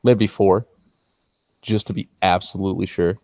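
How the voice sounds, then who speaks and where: A man's voice: sits low, fairly even intonation, moderate pace, mellow, no room sound. A man co-hosting a casual livestream, tossing in dry, sarcastic quips. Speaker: stream co-host.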